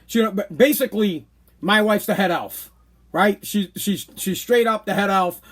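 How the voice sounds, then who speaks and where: A man, hosting a podcast with an animated, exasperated rant. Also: sits high, moderate pace. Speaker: podcast host. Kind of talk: casual ranting monologue.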